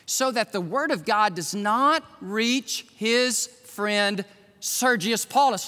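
High bright-voiced preaching pastor in a reverberant hall. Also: male voice, sing-song, unhurried. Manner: preaching with swings from loud exhortation to quiet emphasis. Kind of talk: sermon. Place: church sanctuary.

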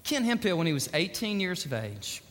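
A man preaching a sermon as pastor, animated and rising to near-shouts. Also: high voice, normal speed, long reverb tail.

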